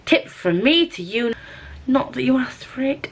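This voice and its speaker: A young woman vlogging in a casual, rambling, animated way, poking fun at herself. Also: high voice, measured pace, a little hiss or hum. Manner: chatty, rambling, animated, self-mocking. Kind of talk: casual rambling vlog chat.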